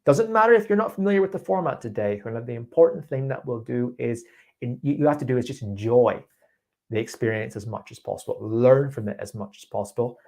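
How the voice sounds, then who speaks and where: Guy running an ielts class on a video call, bit husky, chatty encouraging coach. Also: medium pitch, a little fast, mellow. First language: English. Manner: encouraging, gives tips. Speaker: IELTS teacher. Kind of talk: live online coaching session.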